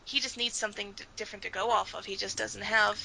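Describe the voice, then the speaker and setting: A woman's voice: mid-range voice, fairly even intonation, fast talker, creaky, pushed and bright, slight background noise, poor audio. A woman co-hosting a casual chat, talking bluntly and with exasperation, swearing freely. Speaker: podcast co-host.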